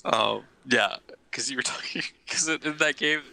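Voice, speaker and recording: A man's voice: medium pitch, normal speed, creaky, background noise. A man co-hosting a podcast in casual chat, easygoing and hedging his words with "like". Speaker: podcast co-host.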